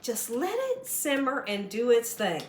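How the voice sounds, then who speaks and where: A woman's voice: on the high side, wildly swooping pitch, unhurried, roomy sound, slight background noise. A woman hosting a home cooking demonstration, chatty and coaxing, often checking in with "okay?" and "right?". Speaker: cooking show host. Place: home kitchen.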